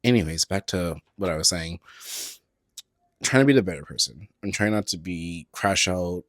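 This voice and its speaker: A man hosting a casual solo podcast from the Bay Area, talking in a sassy, animated way with plenty of slang and swearing. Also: low voice, normal speed, no echo, studio quality. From San Francisco Bay Area. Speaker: podcast host. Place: indoors at a table, on camera.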